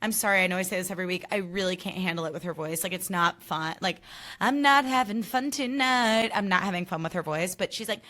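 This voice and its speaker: Bright-voiced chatty young woman. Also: on the low side, steady tone, racing, few pauses. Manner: chatty, sarcastic, swears freely, acts out quotes. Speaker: podcast host. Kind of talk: casual reality TV recap.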